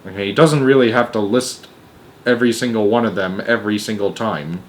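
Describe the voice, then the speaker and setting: A man's voice: on the low side, a little fast. A man narrating a children's book aloud, with joking asides. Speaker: storyteller.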